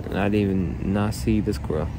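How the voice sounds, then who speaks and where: A man's voice: fairly low pitch, steady tone, quick pace, background noise. A man vlogging on the go, chatting to viewers in casual slang. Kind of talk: casual vlog talk to camera. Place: in a car, then a convenience store. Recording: music playing loudly behind.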